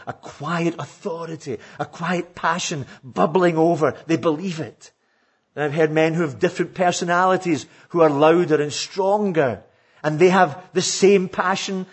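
A man who is a pastor, earnestly exhorting fellow preachers in a sermon-style talk, with a husky voice. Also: fairly high pitch.

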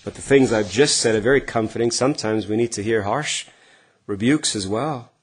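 A middle-aged male pastor preaching earnestly, swinging from emphatic lines to hushed, quiet passages. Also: on the low side, normal speed, husky. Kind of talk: sermon.

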